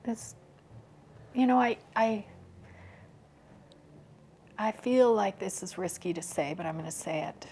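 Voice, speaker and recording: This woman is a podcast guest in a candid, personal talk, her medium-pitched voice carrying a breathy edge. She speaks gently and haltingly, and her words often fade into a hushed near-whisper.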